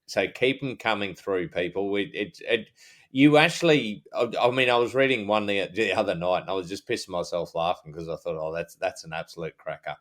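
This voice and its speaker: This is a middle-aged Australian man with a very low, deep voice, chatting casually as a podcast co-host. He rambles, stops and restarts, and leans on plenty of fillers. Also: fairly quick, fairly bright tone.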